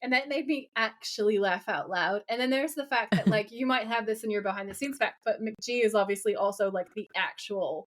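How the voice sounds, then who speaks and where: A woman co-hosting a podcast in casual chat, animated and often laughing as she retells scenes. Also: medium pitch, fairly quick, hardly any pauses. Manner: animated, laughing while reading lines aloud. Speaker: podcast co-host.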